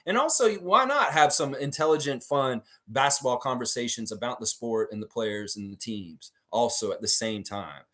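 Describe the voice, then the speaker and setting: A man hosting a fan livestream, chatting casually through viewer comments. His pitch leaps around a lot as he swings from loud hype down to quiet asides. He swears freely and talks like he is among friends. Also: expressive, normal speed, few pauses. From Canada. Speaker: fan channel livestream host.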